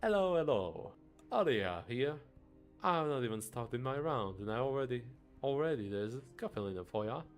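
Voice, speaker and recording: A man voicing a fussy, genteel male centaur who owns a bar in a game, loud and bustling. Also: mid-range voice, big pitch swings, normal speed, faint music behind.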